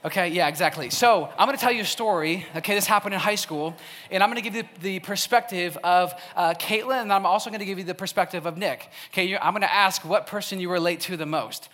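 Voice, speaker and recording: Speaking quickly in a high, bright and forceful voice, this youth speaker from Wisconsin tells stories in a sermon before a live crowd. The young man keeps it casual and chatty, laughs frequently, and leans heavily on "like."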